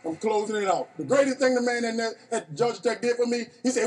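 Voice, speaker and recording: A man in his fifties from New Orleans, with a New Orleans accent, giving an animated, playful storytelling speech to an audience. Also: very high voice, fast talker, hardly any pauses, a little hiss or hum. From New Orleans, Louisiana. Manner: animated, playful, laughs at his own stories. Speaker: motivational speaker.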